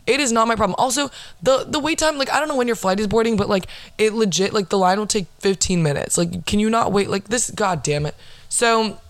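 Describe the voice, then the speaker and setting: A woman's voice: mid-range voice, brisk, no echo. A young woman hosting a solo podcast, telling an exasperated story full of profanity. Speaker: podcast host.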